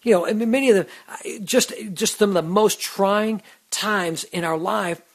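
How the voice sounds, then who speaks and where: A man's voice: sits high, normal speed. Earnest man giving a devotional talk. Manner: earnest, full of "you know" and restarts. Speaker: host of a Christian radio show.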